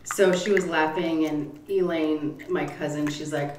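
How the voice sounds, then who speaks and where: A middle-aged woman vlogging while she eats, telling a story in a lively, cursing style. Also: low-pitched, measured pace, a little hiss or hum. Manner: lively storyteller who curses and acts out quotes. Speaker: mukbang vlogger. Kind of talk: casual storytelling while eating. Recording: roomy, mic at a distance.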